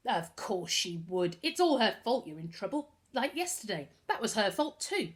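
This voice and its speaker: A woman's voice: mid-range voice, big pitch swings, moderate pace, natural voice. A woman reading aloud and voicing a hot-tempered, scornful boy who protects his younger brother, speaking sulkily and indignantly. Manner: indignant, sulky.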